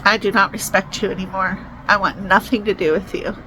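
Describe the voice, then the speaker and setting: A young woman telling a personal story to the camera, emotional and rising into high-pitched distress. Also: fairly even intonation, fairly quick, bright, forceful tone, slight background noise, rough recording. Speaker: vlogger.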